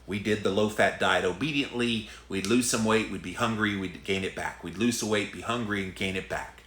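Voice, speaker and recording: Brief: male host, lowish forceful voice, fired-up direct-address rant, echoey room. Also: brisk. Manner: emphatic, conversational, addresses listeners directly. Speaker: podcast host ranting on diet. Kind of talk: impassioned solo rant. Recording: roomy echo.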